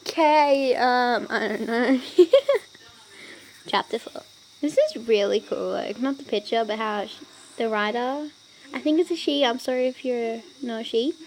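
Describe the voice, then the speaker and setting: A woman's voice: a little high, slight background noise, poor audio. A woman casually reading online stories aloud, giggling often and breaking off into chatty asides. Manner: giggly, breaks off to laugh and ramble.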